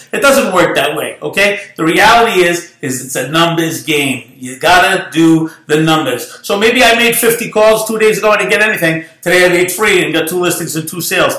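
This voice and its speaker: A man's voice: a little high, pushed and bright. A middle-aged man, a real estate broker giving a rambling, self-promoting motivational talk. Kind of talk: casual motivational monologue. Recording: echoey room.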